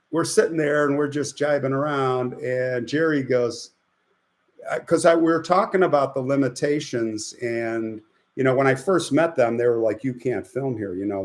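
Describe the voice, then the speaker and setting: A middle-aged man at a middling pitch tells a story on a live stream. He rambles along in a casual way and acts out the people in it. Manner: rambling, animated anecdote-telling with quoted voices. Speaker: host.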